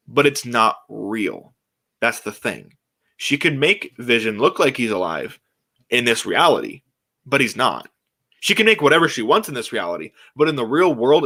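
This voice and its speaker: Young male host, bright voice, eager rambling solo chat full of restarts. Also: medium pitch. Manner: excited, rambling, many restarts and fillers. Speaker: podcast host.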